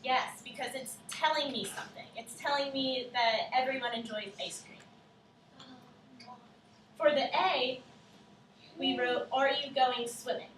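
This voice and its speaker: A woman co-teaching a class, explaining clearly step by step and asking the children questions. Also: sits high, a little slow, pauses often, fairly bright tone, a little hiss or hum. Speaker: student teacher. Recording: echoey classroom from far off.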